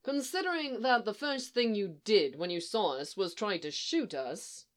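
A woman voicing a calm male Jedi master who speaks reasonably, with a dry, teasing edge. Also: mid-range voice, moderate pace. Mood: dry, reasonable.

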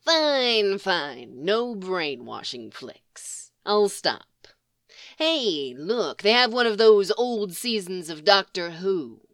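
A woman's voice: medium pitch, sing-song, slow pace, no echo, clean studio sound. A woman doing a sly, drawling thief of a man. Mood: teasing. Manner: drawling, mild, teasing. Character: dry sly man, mild mocking thief.

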